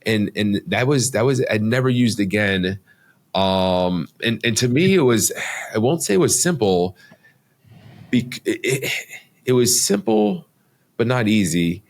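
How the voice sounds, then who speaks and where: A man's voice: lowish voice, animated, measured pace. A middle-aged man, a podcast guest, telling his life story in a casual, rambling way with many restarts.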